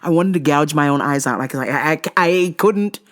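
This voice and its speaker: A woman's voice: sits low, moderate pace. A woman hosting her own vlog, telling a travel story as an exasperated, profanity-laced rant. She stretches out words for emphasis. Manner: profane, exasperated, animated retelling. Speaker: vlog host.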